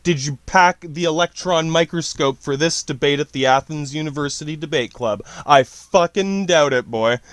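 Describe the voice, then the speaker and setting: A man's voice: fairly high pitch, moderate pace, few pauses, fairly bright tone, no echo. A man giving a rambling solo podcast monologue, profane and slangy, jumping between tangents with many restarts. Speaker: podcast host.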